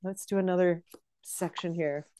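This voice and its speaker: Woman co-host, casual chat over a video call; warm, dry, sleepy but eager. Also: on the low side, steady tone, moderate pace, no echo. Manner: enthusiastic, laughs often, repeats words. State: sleepy, yawning. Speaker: podcast co-host.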